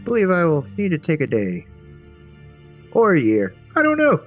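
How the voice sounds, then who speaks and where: An absent-minded old wizard rambles along, as a man puts him on in a raised voice that swings widely up and down. He talks slowly and cheerfully, losing his thread, over faint background music. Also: on the high side, wildly swooping pitch, voice pushed up. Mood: musing, cheerful. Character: befuddled old male wizard, rambling and forgetful.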